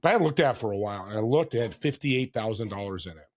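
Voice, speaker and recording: This man, in his sixties, has a lowish voice with lively intonation and talks fast. As a guest on a podcast, he shares heartfelt stories in a casual interview, occasionally performing the voices of people he quotes.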